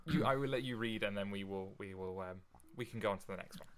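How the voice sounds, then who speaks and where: A man co-hosting a casual podcast chat, animated and quick to laugh, often restarting his sentences. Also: on the low side, clear, resonant tone. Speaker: podcast co-host. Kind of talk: casual chat about Shakespeare's sonnets.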